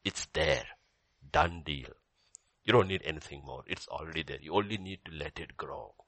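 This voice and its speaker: An older man preaching a sermon as pastor, swinging between loud emphasis and soft near-whispers and repeating key phrases. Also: a bass voice, a little fast, no room sound.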